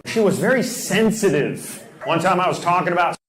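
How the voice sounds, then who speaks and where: A man's voice: sits high, animated, brisk, low-quality recording. A man doing a stand-up comedy set on a club stage, delivering dry one-liners and teasing the audience. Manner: crowd work, teasing the audience. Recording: loud noise over a live stage recording.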